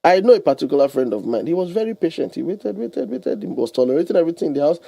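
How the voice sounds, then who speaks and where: A husky man speaks quickly, his pitch swinging up and down as he counsels on air. He leans on homely examples and a ready laugh, and the studio sound is close and dry. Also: dry recording. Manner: animated, explains with homely examples and laughs often. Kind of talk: radio talk show advice. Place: radio studio.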